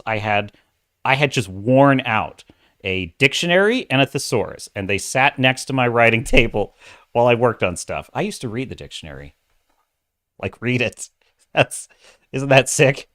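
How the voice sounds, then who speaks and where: A middle-aged man hosts a casual livestream and talks at mid pitch. He rants with strong opinions, pauses to read viewer chat messages aloud, and then goes back to his commentary. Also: fairly bright tone. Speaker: livestream host.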